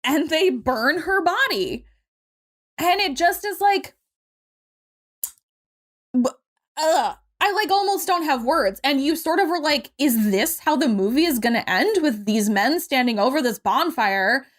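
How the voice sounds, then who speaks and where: Young woman, podcast co-host, casual movie recap, fairly high voice, animated, swears now and then. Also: a little slow.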